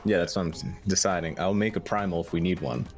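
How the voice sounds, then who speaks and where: A man playing in a tabletop game, asking quick questions in casual voice chat. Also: deep voice, creaky, soft background music. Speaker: player.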